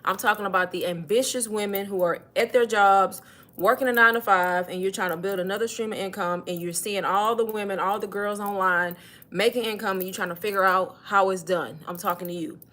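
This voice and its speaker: A young woman chats on a livestream, calling her viewers y'all and sounding slightly out of breath. Her voice is bright and clear, at a middle pitch for a woman. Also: steady tone, brisk. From Texas. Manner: chatty, addresses viewers as y'all. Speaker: livestream host. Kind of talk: casual livestream talk.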